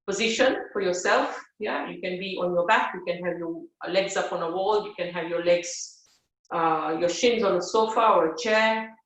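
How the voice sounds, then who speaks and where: A woman yoga teacher leads a breathing practice at an easy, instructive pace, checking in with a soft "yeah?" between steps. She stands back from the mic, and her voice rings through a very echoey room. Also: medium pitch, distant mic. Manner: gentle instructive, frequent "yeah?" check-ins and fillers. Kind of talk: live guided yoga class. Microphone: device set back from the speaker.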